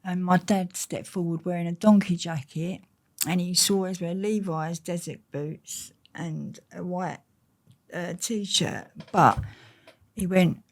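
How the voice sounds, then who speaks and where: A woman's voice: lowish voice, fairly even intonation, slow. A woman with an Essex accent, an interview guest telling stories bluntly and swearing freely. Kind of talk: candid casual storytelling.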